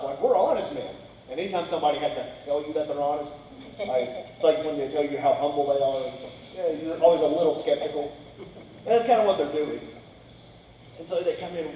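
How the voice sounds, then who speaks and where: A man's voice: a little high, brisk, dark tone, a little hiss or hum. A man preaching a casual sermon, retelling a story conversationally and acting out the characters' lines. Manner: conversational, acts out characters' quotes with "he's like". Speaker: pastor. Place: church sanctuary. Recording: echoey church hall, distant mic.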